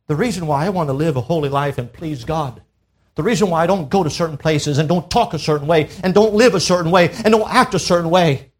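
A man's voice: a little high, a little fast. A man preaching a sermon to a church congregation, emphatic, pressing his listeners with rhetorical questions. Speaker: pastor. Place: church service.

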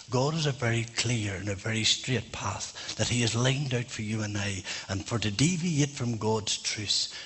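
A man's voice: fairly low pitch, fairly bright tone, breathy edge. A man preaching a sermon in a church, fervent and emphatic.

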